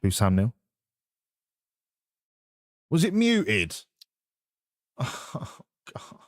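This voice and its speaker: A man's voice: mid-range voice, wildly swooping pitch, drawn-out words, no echo, clean studio sound. A man hosting a live stream, chatting casually and teasing his viewers in a joking way. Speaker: livestream host.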